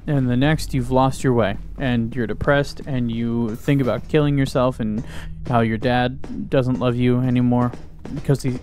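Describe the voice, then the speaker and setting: A man's voice: mid-range voice, a little mellow. A young man giving casual gaming commentary, joking crudely, talking to himself and yelping when startled. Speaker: gaming YouTuber.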